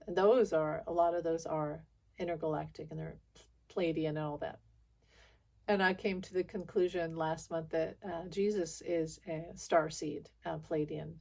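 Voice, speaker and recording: A woman's voice: lowish voice, vocal fry, darkish tone. A woman hosting her own spiritual video channel, talking to viewers in a rambling, frustrated monologue full of restarts and little laughs.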